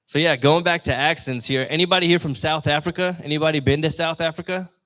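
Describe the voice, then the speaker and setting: A man's voice: fairly high pitch, steady tone, fast, a bit bright. A man doing a loose, rambling stand-up set on a lounge stage mic. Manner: rambling, loose, chatty delivery. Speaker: open mic comedian.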